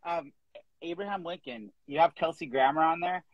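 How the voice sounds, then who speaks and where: A man hosting a podcast, asking halting, friendly questions in casual chat. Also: a little high, no echo, lo-fi sound. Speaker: podcast host.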